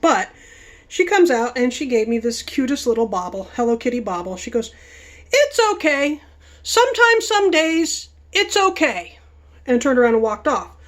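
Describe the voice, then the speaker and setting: Chatty rambling woman vlogger. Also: on the high side. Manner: chatty, self-interrupting; working with her hands while talking. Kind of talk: rambling casual storytelling.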